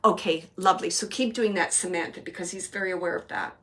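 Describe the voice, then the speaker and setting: Gentle, reassuring woman giving a reading. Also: on the low side, fairly even intonation, fast. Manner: gentle, reassuring, with many fillers and restarts. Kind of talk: live online psychic reading. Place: home, with a small dog nearby.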